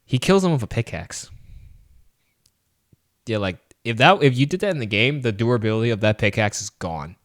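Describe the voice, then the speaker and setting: A man co-hosting a podcast, chatting casually about a film, animated and laughing often as he acts out lines. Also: mid-range voice, moderate pace, long pauses. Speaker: podcast co-host. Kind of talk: casual movie review chat.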